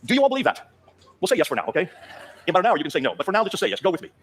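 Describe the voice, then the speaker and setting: A man giving a public lecture to a live audience in a rapid-fire delivery, asking the crowd rhetorical questions. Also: high voice, sing-song, a bit bright. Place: venue with a foyer, before an audience.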